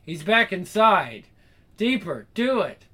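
A man's voice: sits high, big pitch swings, slow pace, sharp tone, full character voice. A man putting on a breathless, reckless young woman.

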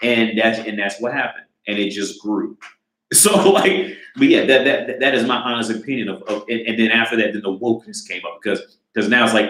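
A man's voice: on the low side, fairly quick, a bit bright. A man giving his opinion in a casual, rambling monologue, restarting often and swearing freely. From United States. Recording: roomy echo.

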